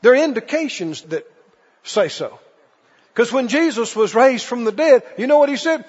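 Man, preacher, fervent sermon, husky voice, dull recording, long church hall reverb. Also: very high-pitched, animated, normal speed. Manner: fervent, rhetorical questions to the congregation.

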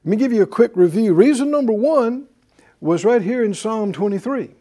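A man's voice: high voice, lively intonation, moderate pace, dark tone. A male pastor preaching a sermon to a live congregation, with emphatic call-and-response delivery. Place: church before a live congregation.

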